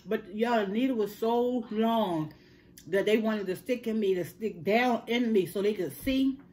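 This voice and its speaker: A woman's voice: on the high side, a little slow, a little mellow. A middle-aged woman chatting earnestly to her viewers about her health. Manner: chatty, earnest storytelling, addresses viewers as y'all. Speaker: mukbang vlogger. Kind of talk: casual chat to viewers.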